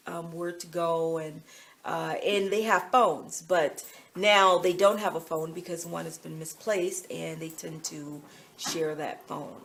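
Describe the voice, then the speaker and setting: A woman's voice: lowish voice, creaky, fairly bright tone. A middle-aged American woman with an American accent, chatting casually and rambling with lots of fillers while out in town. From United States. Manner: chatty, meandering, full of fillers. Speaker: vlogger. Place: outdoors in town.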